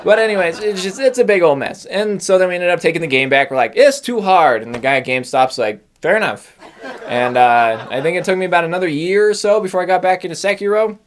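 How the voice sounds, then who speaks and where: A man's voice: sits high, steady tone, fast, hardly any pauses, slight background noise. A young man doing a rambling stand-up comedy set, laughing at his own jokes and mocking himself.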